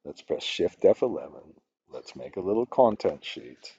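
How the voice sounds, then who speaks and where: A man's voice: low-pitched, big pitch swings, normal speed, vocal fry, mellow, breathy edge, dry recording. Older male instructor, rambling and cranky, dull dry muffled sound. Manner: rambling, ranting, swears when annoyed. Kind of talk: screen-recorded spreadsheet tutorial.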